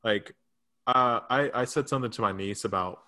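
A young man co-hosting a podcast, telling animated stories in casual chat, swearing freely and laughing often. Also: mid-range voice, normal speed. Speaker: podcast co-host.

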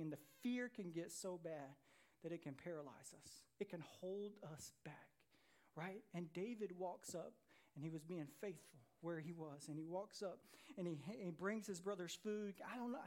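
A man preaching a sermon as pastor, telling a Bible story in an animated way and acting out its characters' voices. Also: high voice, moderate pace.

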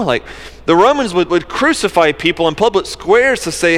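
A man's voice: high voice, lively intonation, moderate pace, fairly bright tone. A man preaching a sermon in an earnest, conversational way, with casual asides. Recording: long hall reverb.

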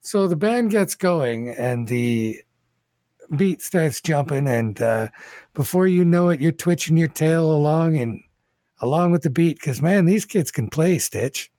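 A man's voice: a little high, animated, measured pace, warm tone, dry recording. A man narrating as game master of a tabletop game, rambling casually with many fillers.

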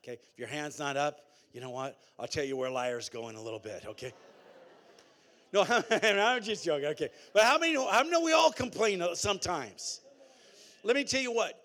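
A man preaching a sermon as pastor, in a conversational, animated way with call-and-response and repeated phrases. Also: a little high, fast talker.

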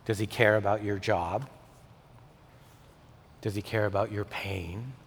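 A male pastor delivering a sermon, swinging from emphatic peaks to soft, intimate tones. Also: lowish voice, steady tone, unhurried, a little hiss or hum. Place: church sanctuary. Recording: long hall reverb.

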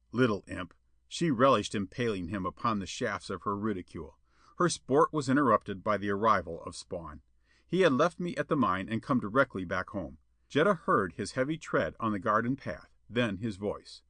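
A man reading a pulp adventure tale aloud as narrator, with an expressive storytelling manner. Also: fairly low pitch, moderate pace, no room sound.

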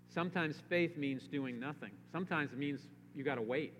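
A man's voice: medium pitch, normal speed, hardly any pauses, a bit bright. A man preaching a sermon as pastor, emphatic, with his voice rising on pleading rhetorical questions. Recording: long reverb, faint hum.

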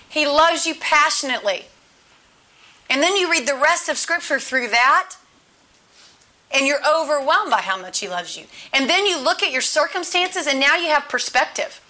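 Woman, high voice, conversational sermon, emphatic, repeats phrases. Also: bright, forceful tone. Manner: emphatic, repeats key phrases, chatty asides. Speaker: Bible teacher.

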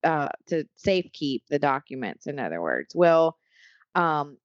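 A woman's voice: deep voice, dry recording, lo-fi sound. A woman co-hosting a casual chat, telling stories with many fillers and restarts. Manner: rambling storyteller, frequent fillers and restarts.

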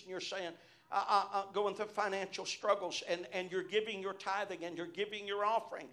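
Middle-aged man, pastor, sermon, high voice, amen after every few phrases. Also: fairly even intonation, fairly quick, a loud crowd, very noisy. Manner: punctuates phrases with repeated amens; personal storytelling from the pulpit.

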